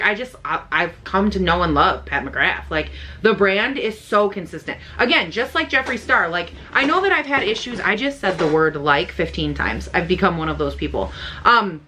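A young woman vlogging as she unboxes makeup, gushing and excitable, swearing freely. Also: on the high side, slight background noise. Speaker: beauty vlogger. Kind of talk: casual unboxing chat.

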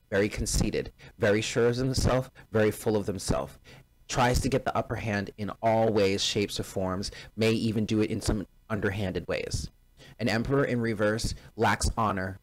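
In this low-quality recording, a tarot card reader with a lowish voice talks straight to his audience during a casual reading. He speaks emphatically and often circles back to the same phrases.

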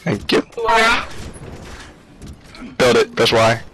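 A young man giving frantic live gameplay commentary, swearing and yelling at the game. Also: medium pitch, monotone, drawn-out words, a little hiss or hum, poor audio. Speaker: gamer.

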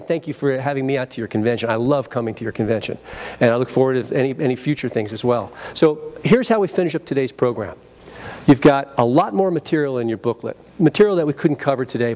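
Lively man leading a sales seminar. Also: medium pitch, quick pace. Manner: energetic, acts out phone greetings, leads audience call-and-response. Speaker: sales trainer presenting a seminar. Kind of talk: live training seminar. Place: convention seminar room.

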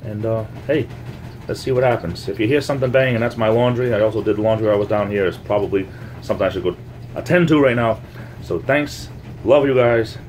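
A man's voice: lowish voice, fairly quick, a little mellow, slight background noise. A man vlogging casually from home, rambling in a meandering way, repeating his phrases and making up words as he goes. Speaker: YouTube vlogger. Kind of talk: casual rambling monologue to camera. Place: home, near the laundry.

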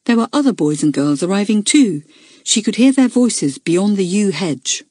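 A woman narrating a children's book in a clear, measured storytelling manner. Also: mid-range voice, expressive, a little mellow, no room sound. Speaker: audiobook narrator. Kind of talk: scripted narration.

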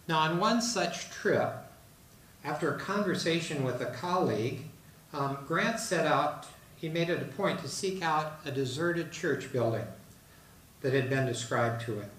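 A man giving a talk to an audience on an artist, pausing often with uh and um. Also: a little high, fairly bright tone. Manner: halting, with many uh and um fillers. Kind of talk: presentation to an audience. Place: hall in a retirement residence. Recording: roomy hall, mic at a distance.

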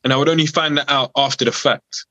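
Bright-voiced London man telling a story. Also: medium pitch, fast talker, dry recording, poor audio. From South East London. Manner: animated, acts out other voices while telling a story. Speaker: podcast guest. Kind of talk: casual storytelling.

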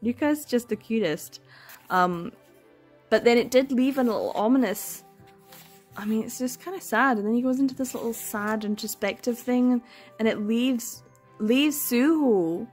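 A young woman chatting casually at home in a reading vlog, gushing and excitable, laughing and sighing often. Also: on the high side, normal speed, faint music behind. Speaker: book vlogger.

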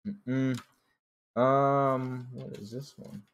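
A man's voice: medium pitch, steady tone, very slow. A young man casually commenting on his old childhood drawings, laid-back and joking, swearing now and then and laughing at himself.

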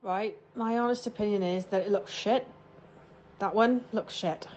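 A woman's voice: mid-range voice, normal speed, darkish tone, slight background noise. A woman talking casually, blunt in her opinions. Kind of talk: casual chat.

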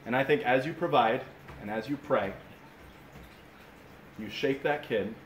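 A man in his thirties preaching a sermon at a camp, telling stories in an animated way and often restarting his sentences. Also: mid-range voice, a little slow. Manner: animated storytelling with frequent restarts. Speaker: pastor. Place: camp meeting room. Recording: roomy echo with faint hiss.

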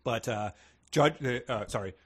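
A man's voice: medium pitch, normal speed, slightly rough. A man co-hosting a podcast in casual chat, recapping a book's plot and laughing often. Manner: chatty, laughs often, lively storytelling. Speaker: podcast co-host.

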